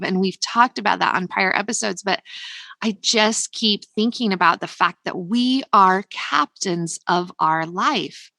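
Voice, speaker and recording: Bright, upbeat American woman podcaster. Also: medium pitch, unhurried, vocal fry, no echo. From United States. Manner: upbeat, emphatic, repeats phrases for stress. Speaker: podcast host. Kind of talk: motivational podcast monologue.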